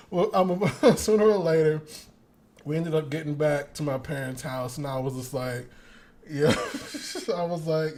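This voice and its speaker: Animated young man telling a story. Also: a little high, moderate pace. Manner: animated, laughing, profane, acts out quotes. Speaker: podcast host. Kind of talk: casual storytelling monologue.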